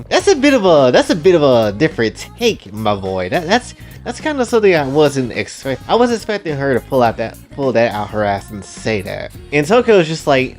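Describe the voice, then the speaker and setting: A man rambling through a crude comedic retelling, talking straight to his viewers with excitable asides. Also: medium pitch, moderate pace, few pauses, soft background music. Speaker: storyteller, channel host.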